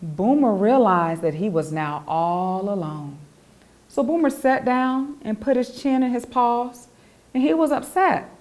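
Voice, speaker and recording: Taking her time, the author reads her own children's picture book aloud in a lively, expressive storytelling manner. Her voice is fairly high in pitch.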